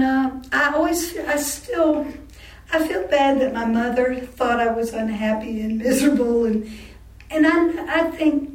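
An older woman with a slightly high voice tells her own story in an oral history interview. She stops, restarts and corrects herself as she goes. She is recorded from a distance in a room with a lot of echo. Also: a little mellow. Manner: halting, full of restarts and self-corrections. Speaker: interviewee recalling her life. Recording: roomy sound from a distant mic.

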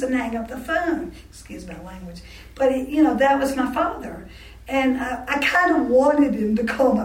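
A woman being interviewed, her voice set a touch high, and she speaks candidly, often restarting her sentences and breaking into wry laughs. She sits some way from the mic in a reverberant room. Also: animated. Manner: candid, halting with frequent restarts; laughs wryly between remarks. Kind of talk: oral history storytelling. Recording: roomy sound from a distant mic.

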